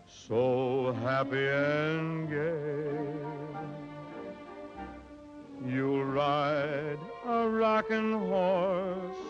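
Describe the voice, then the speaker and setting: An actor playing a good-natured young cab driver with a relaxed, teasing, coaxing way of talking. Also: male voice, on the high side. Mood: crooning. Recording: dull old film soundtrack with music.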